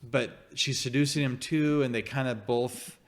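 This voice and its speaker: A man co-hosting a podcast, chatting casually about a film with relaxed, agreeable remarks and quick quips. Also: medium pitch. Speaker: podcast co-host. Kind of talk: casual movie review chat.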